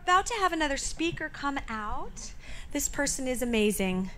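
A woman speaking as a memorial speaker, telling personal stories in a chatty, halting way full of fillers and restarts. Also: high voice, big pitch swings, pushed and bright, slight background noise. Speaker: memorial speaker, late comedian's roommate. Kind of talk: personal tribute speech. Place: live show venue.

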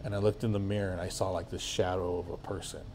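A man's voice: low voice, level tone, fast, warm tone, a little hiss or hum. A man guesting on a podcast, telling a story in a rambling, casual way full of filler words and swearing.

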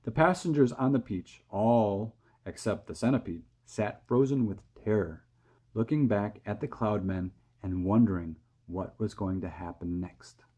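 A man calmly reading a children's storybook aloud, close to the camera mic. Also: fairly low pitch, unhurried, husky. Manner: calm, steady reading.

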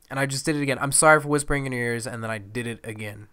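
A man's voice: mid-range voice, rapid-fire, hardly any pauses, sharp tone, clean tone. A man commentating over a wrestling video game, playful and jokey, swearing often. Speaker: gaming commentator. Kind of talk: let's play commentary.

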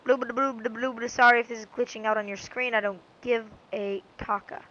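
A woman's voice: fairly high pitch, steady tone, brisk, pushed and bright, muffled recording. A woman giving rambling, goofy, self-mocking commentary while she plays a game. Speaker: let's-play gamer. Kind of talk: casual gameplay commentary.

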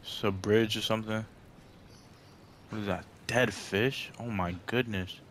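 Male gamer, let's-play commentary; jumpy, easily scared, low-ish voice. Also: fairly even intonation, measured pace, a bit bright, a little hiss or hum.

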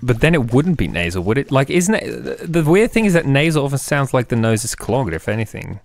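Mid-pitched guy hosting a loose gaming chat, blunt and teasing, swears a lot. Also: sing-song, a little fast, gravelly. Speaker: host. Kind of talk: casual chat.

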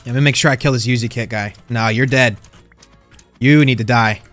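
Brisk and medium-pitched, a gaming YouTuber commentates casually over faint music. He jokingly trash-talks other players and lets out sudden, excited yelps when surprised.

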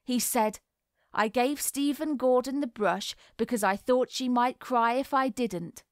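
A woman reading the part of a smug young schoolboy who taunts and mocks, in a slow, boastful way. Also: on the high side, dry recording, clean studio sound, natural voice. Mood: taunting. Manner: gloating, mocking, boastful. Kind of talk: audiobook character reading.

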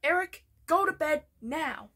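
A woman's voice: animated, a little slow, sharp tone, full character voice. A woman voicing a stern cartoon mother who scolds her son, retelling a cartoon scene. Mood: scolding. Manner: shrill, scolding.

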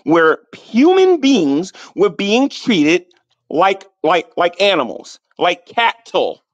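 Man with a high, very animated voice, arguing in an online voice room and spelling things out slowly to his opponent. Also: no echo, dull audio. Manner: condescending, repeats himself slowly for emphasis; argumentative, defends his reading of scripture. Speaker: debater in an online audio room. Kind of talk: heated debate.

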